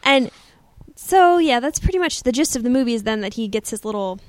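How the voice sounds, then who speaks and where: A woman co-hosting a casual movie chat, rambling and animated as she retells the plot. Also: on the high side, fairly quick, a little hiss or hum. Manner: animated, rambling storyteller with many "like" fillers. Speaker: podcast co-host.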